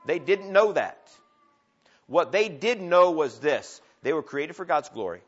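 A man preaching a sermon, telling a story with big swings from quiet asides to loud, excited lines. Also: a little high. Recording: dull lo-fi sound.

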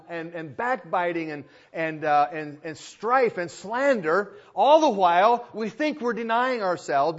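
A man's voice: high voice, lo-fi sound. A male pastor preaching a sermon in an emphatic style, repeating phrases for weight.

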